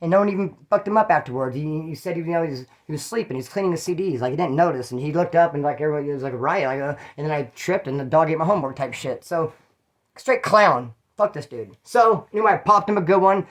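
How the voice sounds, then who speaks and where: Fast-talking blunt, profane man. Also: fairly high pitch. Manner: profane, blunt, acts out quotes. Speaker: former prisoner telling stories. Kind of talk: casual storytelling to camera.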